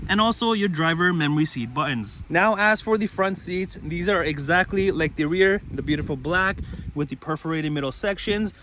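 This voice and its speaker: A man's voice: fairly high pitch, moderate pace, a bit bright, a little hiss or hum. A man giving a casual, enthusiastic walkaround of a car, talking conversationally as he points out details outdoors and inside the vehicle. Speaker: car reviewer. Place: outdoors around a parked car, then inside it.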